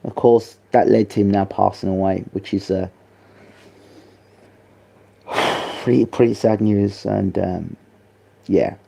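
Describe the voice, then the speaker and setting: A grieving man speaks softly and haltingly, pausing often between his words. His voice is low, dark and gravelly. He delivers a personal spoken tribute. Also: fairly even intonation. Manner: halting, soft and subdued, many pauses and fillers. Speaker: boxing channel host.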